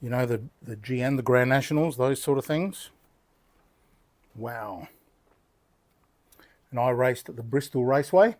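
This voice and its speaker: A man's voice: mid-range voice, a little slow, long pauses, dry recording. An older Australian man, a knife-sharpening host, chatting casually and telling rambling, good-humoured stories while he demonstrates.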